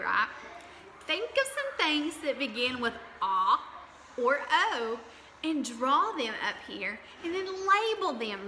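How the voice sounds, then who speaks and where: Female kindergarten teacher, lively up-and-down delivery, exaggerated vowel sounds, echoing room. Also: sits high, a little hiss or hum. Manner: sing-song, exaggerated vowel sounds, coaxing questions. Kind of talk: early-years phonics lesson.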